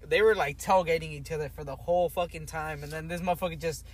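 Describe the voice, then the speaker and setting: A young man with a fairly high voice tells a story on a casual podcast, animated and peppered with swearing, "like" and "bro". A faint background hum sits under the talk. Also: fast talker. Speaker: podcast host.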